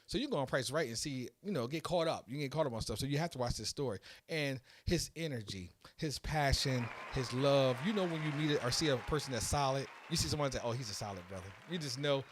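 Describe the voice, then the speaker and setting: A man hosting a casual podcast, telling a story in an excitable, animated way that builds to loud peaks. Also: medium pitch, fast talker, few pauses, noisy background. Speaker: podcast host.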